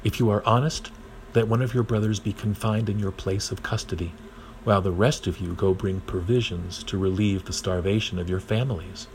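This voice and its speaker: A man voicing a stern grown governor, speaking in a measured, commanding way in a storybook reading. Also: lowish voice, steady tone, darkish tone, slight background noise, close to an everyday voice, poor audio.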